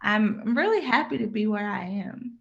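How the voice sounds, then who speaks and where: A woman in her thirties talks through her answers in a reflective, easygoing way, laughing often. Her pitch sits in the middle range. The audio is dull and lo-fi. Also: expressive, moderate pace, vocal fry. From United States. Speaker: guest, birth worker. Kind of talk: casual interview answers.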